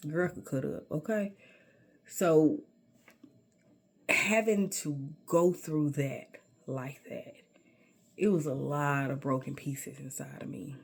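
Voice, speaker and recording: A woman's voice: low-pitched, steady tone, slow pace, gravelly, pauses often, slightly rough. A middle-aged woman telling a personal story in a sassy, emphatic way, often calling the listener baby.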